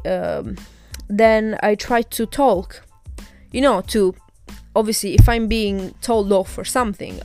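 A woman's voice: medium pitch, darkish tone. A young woman hosting her own podcast, candidly retelling a bad experience in a casual, indignant way with some swearing. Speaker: podcast host. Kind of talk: casual storytelling monologue.

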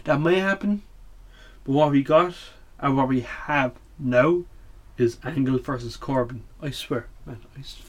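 A man's voice: mid-range voice, measured pace. Blunt, swearing man recapping. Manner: blunt, swears, opinionated, many fillers. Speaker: wrestling podcast host. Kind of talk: casual weekly show recap.

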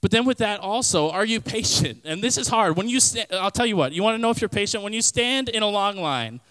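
A young man gives a youth sermon as a relaxed personal story, dropping fillers and acting out his own past lines for laughs. His voice sits a little high and comes through smooth and clear. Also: brisk. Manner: casual storytelling with comic quoted voices; frequent fillers like "like" and "kinda". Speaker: youth pastor.

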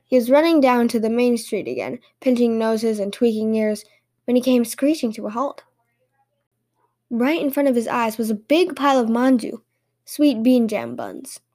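Higher-voiced woman reading fairy tales. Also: moderate pace. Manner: lively read-aloud narration. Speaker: podcast host and storyteller. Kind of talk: storytelling narration.

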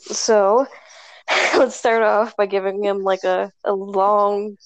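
Young girl on a call, giggly, says like a lot, middle-pitch voice. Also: level tone, slow, clean tone, dry recording, rough recording. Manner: giggly, full of fillers. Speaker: podcast guest. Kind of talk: casual group call chat. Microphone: online voice call.

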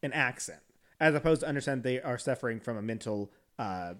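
A man's voice: mid-range voice, animated, quick pace. A man on a podcast reading an article aloud with casual asides, often stumbling over words and laughing at himself. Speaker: podcast host.

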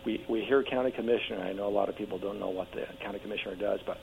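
A man running for local office, talking eagerly in a radio interview, hoarse and losing his voice, with frequent restarts and fillers. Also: fairly low pitch, steady tone, rapid-fire, darkish tone. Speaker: political candidate guest. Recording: tinny phone line with faint hum.

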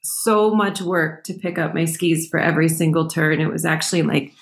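A woman with a slightly low voice speaks as a guest in a casual interview. She is relaxed and chatty, with easy laughs running through her answers. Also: moderate pace. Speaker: podcast guest, ski mountaineer.

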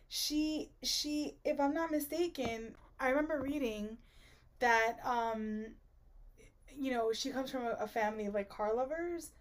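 A woman co-hosting a casual book podcast, thinking aloud with lots of fillers and frequent giggles. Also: high-pitched. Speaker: podcast co-host. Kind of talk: casual book-club chat.

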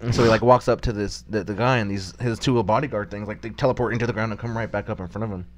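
A man's voice: lowish voice, very fast. A man co-hosting a casual podcast chat, rambling as he recaps an episode and acts out the characters' lines. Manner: rambling, animated retelling with acted quotes. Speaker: podcast co-host.

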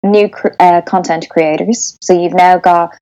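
An Irish woman in her thirties chats as an interview guest in a fairly low voice. She talks in loose, rambling sentences, restarting often. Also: fairly even intonation, unhurried, warm tone, lo-fi sound. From Ireland. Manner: chatty, with frequent restarts and laughter. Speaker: sound engineer, interview guest. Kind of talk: casual interview.

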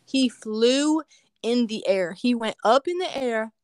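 A woman earnestly telling a personal testimony in casual conversation, animated and full of casual fillers. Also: on the high side, slow pace, dry recording, studio quality. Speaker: guest sharing a testimony.

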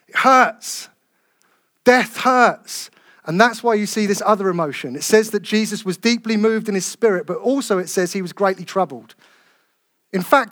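A man preaching a sermon, earnest and emphatic, slowing down to stress key phrases. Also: high voice, a bit bright.

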